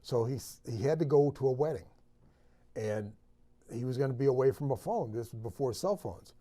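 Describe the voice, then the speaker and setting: A man, a guest sportscaster on a talk show, tells a story in an easy, casual way. His voice has a middle pitch. He stops now and then to fix a slip before going on. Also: a little fast. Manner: relaxed anecdote teller, stops to correct himself.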